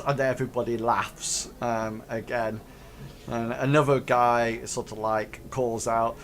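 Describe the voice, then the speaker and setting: A man narrating as game master of a tabletop game, pausing often with fillers. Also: medium pitch, level tone. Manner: hesitant, many fillers and restarts. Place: home setup, live stream.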